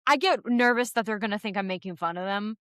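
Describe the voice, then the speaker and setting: A woman's voice: medium pitch, fast talker, a bit bright, no room sound, studio quality. A woman from Southern Indiana co-hosting a podcast, chatting casually about a movie and laughing easily. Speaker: podcast co-host.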